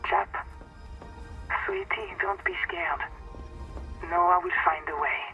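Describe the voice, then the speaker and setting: A clipped hushed expedition boss in a game, highish voice, loud music under it. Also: male voice, huge pitch swings, slow, gravelly, highs cut off, exaggerated voice. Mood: soothing. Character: stern man leading a troubled expedition. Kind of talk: game cutscene acting.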